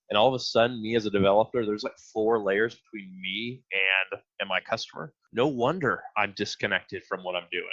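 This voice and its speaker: A man's voice: on the low side, brisk, hardly any pauses, a bit bright. A man who trains teams talking casually on a podcast, addressing the listeners directly. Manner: conversational, restarts and direct asides to listeners. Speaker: agile trainer and podcast co-host. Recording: dull lo-fi audio.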